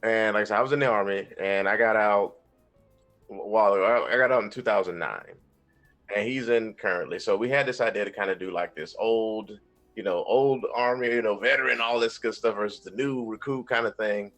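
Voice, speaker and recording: A man, an Army veteran, talking as a guest on a live stream, telling a story in a rambling, relaxed way. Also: lowish voice, moderate pace, faint music behind. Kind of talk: livestream interview chat.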